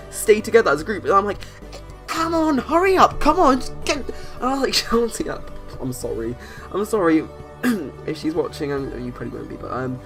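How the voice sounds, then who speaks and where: A young adult rattles through a casual story at a quick clip. The talk rambles, full of restarts and fillers, over soft background music. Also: mid-range voice. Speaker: channel host. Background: faint background music.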